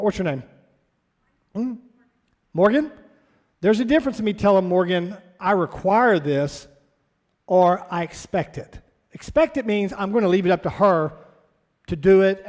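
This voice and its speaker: A man's voice: high-pitched, darkish tone, in a large hall. A man working as a fitness trainer, giving a blunt, motivational orientation talk to a class in his studio. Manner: blunt, motivational, talks straight to the group.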